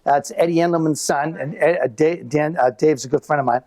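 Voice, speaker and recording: Man, stand-up comedian, fairly high voice, animated live storytelling. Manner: animated storytelling with quick asides. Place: live comedy venue with audience.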